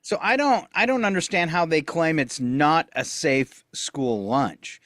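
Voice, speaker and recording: A man hosting a morning radio show, running the segments and joking in a lively, quick way. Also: a little high, no room sound, clean studio sound. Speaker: radio host. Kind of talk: casual morning radio banter.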